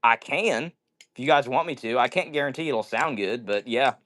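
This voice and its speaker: A man's voice: mid-range voice, animated, moderate pace, a bit bright. A man hosting a casual indoor livestream, joking around and reading viewer comments aloud. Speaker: livestream host. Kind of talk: casual live-stream chat.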